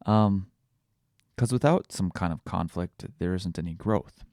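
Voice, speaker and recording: A man hosting a podcast, thinking out loud in a casual reflective monologue, searching for words with frequent restarts. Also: deep voice, a little slow, dry recording, studio quality. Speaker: podcast host.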